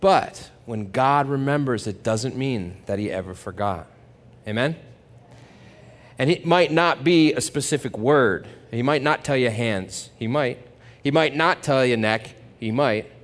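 A man's voice: mid-range voice, unhurried. A male pastor giving a sermon to his congregation, exhorting them and calling for amens. His voice sits mid-range and rings with long church hall reverb. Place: church sanctuary.

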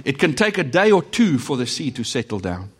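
Middle-aged South African male pastor, animated preaching with dramatic pauses, in a reverberant hall. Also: mid-range voice, husky. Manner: animated, dramatic pauses, swings from loud to hushed. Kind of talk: sermon.

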